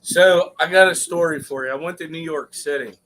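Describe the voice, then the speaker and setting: A joking man tells folksy stories in a casual group chat. His voice sits a little high for a man. The line is noisy and clicks now and then. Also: brisk, a bit bright. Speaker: show host.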